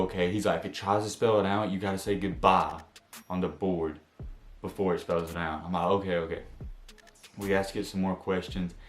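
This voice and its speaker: A young man tells a spooky story to his camera in loose, slangy talk. His voice sits a little low, drops to a hush in the tense parts and rises to near shouting when things get wild. The room around him gives the sound a clear echo. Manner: animated storytelling, slang-heavy, jumps from hushed to shouting. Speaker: vlogger. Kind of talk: story time vlog. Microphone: camera mic.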